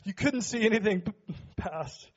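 A middle-aged man preaching a sermon as pastor in a church, joking with the congregation and building to shouts. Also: high-pitched, animated, moderate pace, lo-fi sound. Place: church sanctuary.

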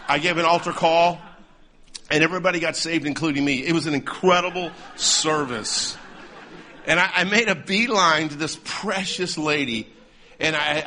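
A man preaching a humorous storytelling sermon, animated and laughing often. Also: a little high.

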